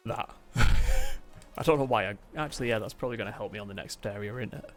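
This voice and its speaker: A northern English man, his accent sitting between Manchester and Yorkshire, chats loosely with his stream viewers. His voice sits at an everyday middle pitch, he laughs easily, and soft music plays under him. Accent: mix of Manchester and Yorkshire. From England. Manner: chatty, laughs often, talks to chat. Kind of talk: casual live-stream chat. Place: home, mid-move. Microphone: desk mic, camera on temporary tripod.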